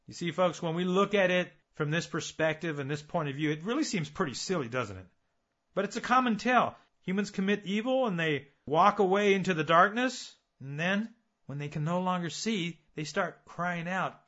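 A man's voice: a little high, animated, moderate pace, a bit bright, highs cut off. A man preaching a sermon, earnest and building his points with repeated phrases and rhetorical questions.

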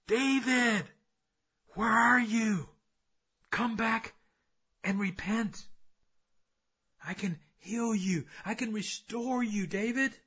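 The Holy Spirit calls out tenderly to a wandering soul, urging it to return, as a preacher voices it. The voice is husky and high. The recording has a dull, lo-fi sound. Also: male voice, slow pace, heavily acted. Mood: pleading. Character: Holy Spirit calling gently to a lost soul.

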